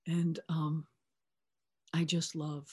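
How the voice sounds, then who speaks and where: A woman's voice: low voice, flat delivery, drawn-out words, darkish tone, husky. A woman speaking as a recovery sponsor, telling a personal story in a conversational way and retelling back-and-forth dialogue. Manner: conversational, with fillers and restarts.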